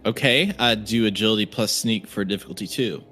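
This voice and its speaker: A man's voice: lowish voice, a little fast, sharp tone, soft background music. A man narrating as game master of a tabletop game, describing scenes with many hesitations. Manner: hesitant, filler-heavy descriptions.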